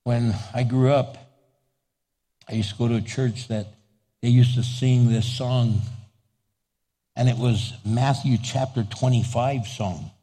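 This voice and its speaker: A man preaching a sermon as pastor, animated, acting out little dialogues and laughing often. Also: medium pitch, unhurried, long pauses. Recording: long hall reverb.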